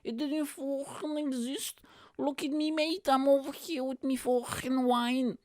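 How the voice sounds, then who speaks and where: A man doing a slurring drunk young guy, high-pitched. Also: steady tone, dry recording, studio quality. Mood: drunken ranting. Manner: slurred, swearing, slow and loud. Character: drunk young man spouting conspiracy theories.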